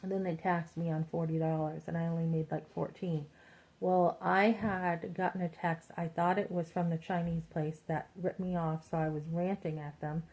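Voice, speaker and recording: A woman's voice: lowish voice, little pitch movement, moderate pace, a little mellow. A middle-aged woman giving a chatty, encouraging talk to other women, retelling her conversations as she goes. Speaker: Christian women's vlogger. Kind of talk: casual motivational talk. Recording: muffled lo-fi sound.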